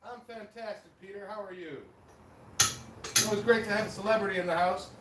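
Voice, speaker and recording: A man forging metal as he chats casually with a livestream audience and greets viewers by name in a relaxed, talkative way. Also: high voice, normal speed, distant mic. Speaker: blacksmith streamer. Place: metal forge workshop. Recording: echoey workshop from off-mic with loud forge noise.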